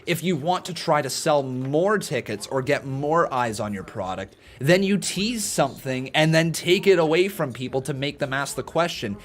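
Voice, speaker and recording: A man's voice: fairly high pitch, animated, normal speed, few pauses. A man hosting a live watch-along stream in a casual, chatty way, greeting viewers by name and talking to them in an earnest, encouraging tone.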